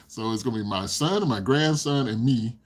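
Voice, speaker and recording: A man's voice: medium pitch, animated, normal speed. An older man hosting a casual livestream, telling rambling stories and laughing often. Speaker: livestream host.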